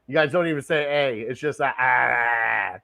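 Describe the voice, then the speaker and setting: A man's voice: a little high, fast talker, fairly bright tone, no echo. A man hosting a casual sports podcast, enthusiastic and laughing often, repeating himself. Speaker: podcast host.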